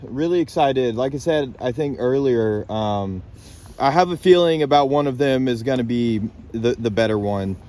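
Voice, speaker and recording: A young man with a dark, mid-range voice talks at normal speed into his phone while camping solo on a lake island. Moving between tent and campfire, he rambles in a laid-back, loose way, swearing now and then.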